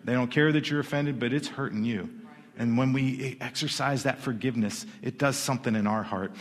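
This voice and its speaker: A man's voice: medium pitch, a little fast. A man preaching a sermon in a church, in a conversational way that often restarts his words. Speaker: pastor. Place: church sanctuary. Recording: long hall reverb.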